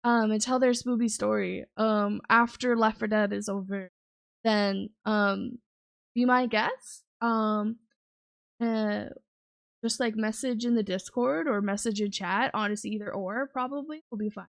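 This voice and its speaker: A woman's voice: mid-range voice, steady tone, measured pace, gravelly. A woman hosting a livestream in casual chat. She rambles with lots of fillers and giggles from her home streaming setup. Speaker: livestream host.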